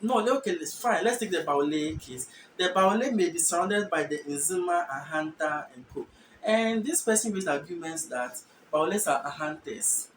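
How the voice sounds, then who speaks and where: A host from Ghana giving an explanatory language lesson, thinking aloud and slowly repeating each word. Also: medium pitch, expressive. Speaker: channel host teaching languages. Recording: echoey room with faint background noise.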